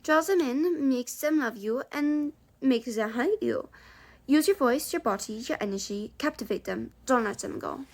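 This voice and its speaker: A woman's voice: high voice, lively intonation, moderate pace, a little mellow. Woman doing a grand French drama teacher. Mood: dramatic. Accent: put-on French.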